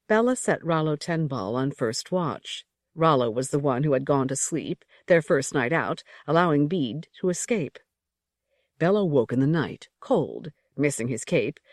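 An audiobook narrator reading a novel in a measured storytelling manner. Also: mid-range voice, no echo, studio quality. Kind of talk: scripted narration.

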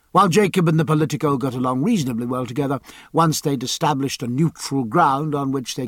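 An audiobook narrator with a mid-range male voice reads a historical novel in a measured storytelling style. The scripted narration has clean studio sound with no room echo.

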